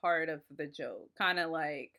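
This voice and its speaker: A woman's voice: sits low, measured pace, bright, forceful tone. A woman in casual podcast chat, amused and giggly.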